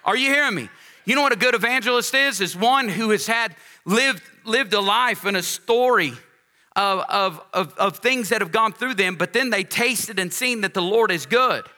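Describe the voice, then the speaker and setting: Guy preaching, high bright voice, folksy and punchy with the crowd. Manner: folksy preaching, rising to emphatic calls to the congregation. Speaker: pastor. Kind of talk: sermon.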